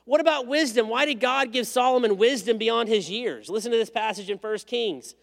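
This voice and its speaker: Male preacher, high-pitched, animated storyteller, long hall reverb. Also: fairly quick, gravelly, few pauses. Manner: animated storytelling, swings from loud to hushed. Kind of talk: sermon.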